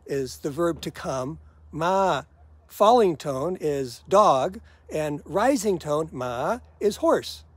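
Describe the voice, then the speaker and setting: A man's voice: on the high side, slightly rough, no echo. An older man chatting to camera about everyday gripes, wry and easygoing, often laughing at himself. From United States. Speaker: vlogger. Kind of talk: casual talk to camera.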